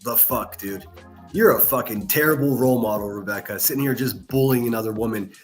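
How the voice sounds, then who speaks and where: A man delivers angry reaction commentary in a scornful, profane rant. His pitch sits in an ordinary middle range. Faint music plays underneath. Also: a little fast. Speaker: commentary channel host.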